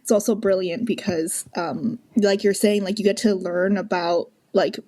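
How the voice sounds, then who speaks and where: A woman's voice: mid-range voice, steady tone, moderate pace, warm tone. Chatty woman guest, many fillers. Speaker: podcast guest, artist. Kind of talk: casual chat.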